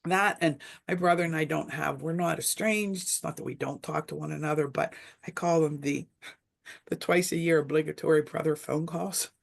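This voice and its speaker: Gravelly-voiced woman telling a story. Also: deep voice, steady tone, moderate pace. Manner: reflective storytelling with many fillers. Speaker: webinar panelist. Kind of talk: casual webinar discussion.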